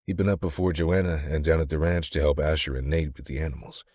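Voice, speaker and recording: Very deep, husky male audiobook narrator. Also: quick pace, no echo. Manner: steady, intimate storytelling. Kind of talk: scripted narration.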